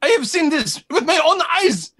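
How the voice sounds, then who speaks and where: A man voicing an excitable, scheming male carnival showman in a tabletop game, with high, clipped, broken phrasing. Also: normal speed, heavily acted.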